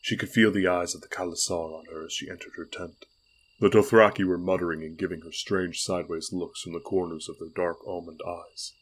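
A man reading an audiobook aloud with steady, unhurried storytelling. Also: deep voice, husky, poor audio. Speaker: audiobook reader. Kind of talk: audiobook narration.

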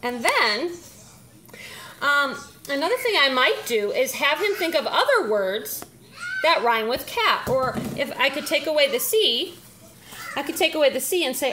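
Woman, teacher, high-pitched, out of breath, chatty instructional demo, frequent "um" pauses. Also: very animated, bright, forceful tone, slight background noise. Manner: chatty, with frequent "um" pauses while handling letters. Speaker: teacher showing reading activities. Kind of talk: casual instructional demonstration.

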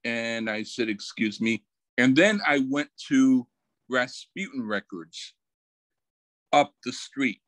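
Man, podcast co-host, slow unhurried delivery, dry close mic, casual storytelling. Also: mid-range voice, a bit bright, no echo, poor audio. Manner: unhurried storytelling, laughing at his own anecdotes. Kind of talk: casual chat.

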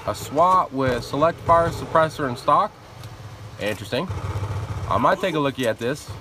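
A man streams a shooter game and comments as he plays, swearing freely and trash-talking the other players. His pitch swings widely as he talks, and a steady noise runs under the recording. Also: normal speed. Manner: profane, animated trash talk. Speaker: live streamer. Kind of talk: casual gameplay commentary.

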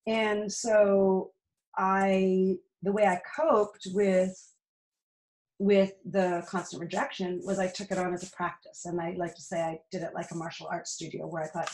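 A woman's voice: mid-range voice, flat delivery, measured pace, a little mellow, reverberant, rough recording. A middle-aged Canadian woman with a Canadian accent, guest on a podcast, speaking in an earnest, reflective way with frequent restarts. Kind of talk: casual interview conversation.

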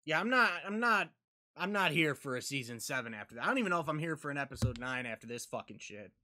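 Male reaction host, profane and furious, loud outbursts, lively bright delivery. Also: a little high, quick pace. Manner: profane, yelling outbursts at the screen. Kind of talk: live reaction commentary.

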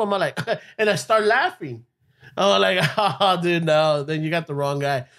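A man's voice: sits high, normal speed, a bit bright. A man co-hosting a podcast, telling stories casually, swearing a lot, slipping between English and Spanish and laughing often. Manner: profane, code-switches between English and Spanish. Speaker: podcast co-host. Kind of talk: casual chat, storytelling.

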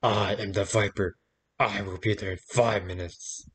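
A man voicing a creepy male phone caller in a spoken campfire story, low and slow. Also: steady tone, husky.

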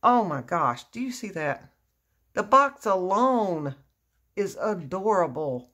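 On her crafting vlog, a woman unboxes happy mail in casual chat, speaking slowly with a medium pitch and big swings in it. Her voice is pushed and bright, full of gushing exclamations over the gift.

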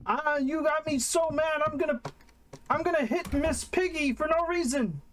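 A man's voice: very high-pitched, moderate pace, background noise, voice pushed up. A man voicing a crude, hot-tempered male frog puppet in a comedic ranting impression over a game stream. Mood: angry ranting. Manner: angry ranting, crude jokes.

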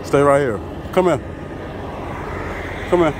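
A man's voice: mid-range voice, animated, slow pace, pauses often, heavy background noise. A man, a truck driver vlogging casually outdoors, laid-back and chatty as he talks straight to his viewers. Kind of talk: casual vlog talk to camera. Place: outdoors by a truck at a loading site.

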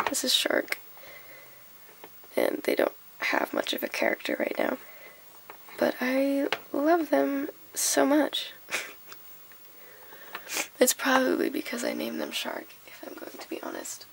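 Sick young woman with a gravelly voice. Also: high voice, noisy background. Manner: rambling, giggly, scattered. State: sick, hoarse. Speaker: vlogger. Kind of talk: casual chat.

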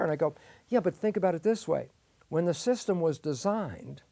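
An older man with a fairly high voice talks through a science explanation as an interview guest. He acts out his own questions and answers in a lively storytelling way. The sound is close and dry, with no room around it. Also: no echo. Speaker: guest expert.

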